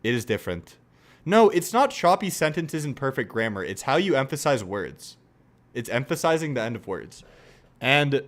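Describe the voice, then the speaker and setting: A young man streaming, reacting in casual commentary, animated, laughing and swearing as he mocks gamer voices. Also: medium pitch.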